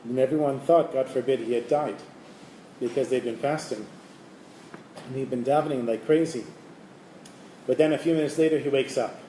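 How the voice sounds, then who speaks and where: Mellow-voiced male storyteller. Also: medium pitch, moderate pace, pauses often. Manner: animated, acts out voices. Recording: echoey room, faint hiss.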